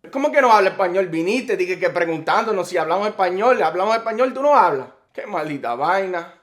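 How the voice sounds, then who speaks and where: A man playing a fast, brash Dominican street guy. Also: high-pitched, expressive, pitched above the performer's own voice. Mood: indignant. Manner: fast, loud street slang. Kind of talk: comedy skit role-play.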